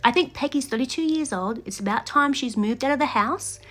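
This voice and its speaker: Woman vlogger reacting to a reality show, chatty and opinionated, laughs a lot, bit high-pitched, faint music behind. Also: a little fast, fairly bright tone. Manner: chatty and opinionated, laughs often, acts out what she'd say. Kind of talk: casual reaction commentary to camera.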